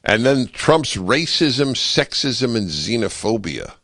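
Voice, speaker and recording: A man hosting a talk radio show, giving a political commentary monologue in an animated, sarcastic way with wry asides, speaking into a studio microphone. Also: medium pitch, slow pace, no echo.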